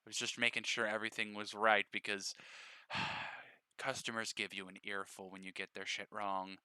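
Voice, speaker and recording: A man's voice: lowish voice, level tone, normal speed, pushed and bright, smooth, dry recording, voice pushed down. A man voicing a tired bartender who grumbles about fussy customers. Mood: weary. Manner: sighing, grumbling. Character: weary male bartender, tired of picky customers.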